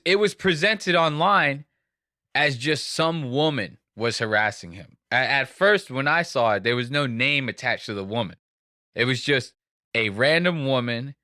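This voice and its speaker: A man's voice: mid-range voice, bright, forceful tone, no echo, clean studio sound. A young man hosting a casual podcast, rambling and swearing as he jokes through the story. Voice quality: profane, rambling, jokey. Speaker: podcast host.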